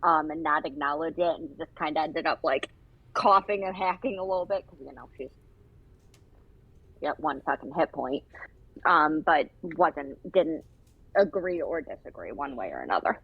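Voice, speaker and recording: A woman playing a tabletop game, describing her character's actions haltingly. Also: low voice, expressive, husky. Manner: halting, thoughtful. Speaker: player. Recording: dull lo-fi mic.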